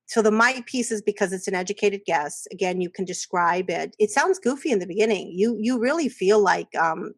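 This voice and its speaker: Lively woman educator giving a workshop talk. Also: mid-range voice, no echo. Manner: animated, acts out children's and adults' voices with laughs. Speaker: early childhood educator.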